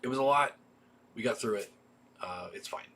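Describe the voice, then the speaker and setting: A man's voice: medium pitch, normal speed, a bit bright, husky. A man hosting a casual livestream, reading off a list of titles with offhand asides. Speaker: video store host. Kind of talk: casual livestream product rundown.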